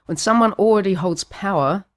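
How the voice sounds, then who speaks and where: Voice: medium pitch, moderate pace. A podcast host with a New Zealand accent giving a scripted philosophy monologue, sardonic and sweary, laughing at their own jokes.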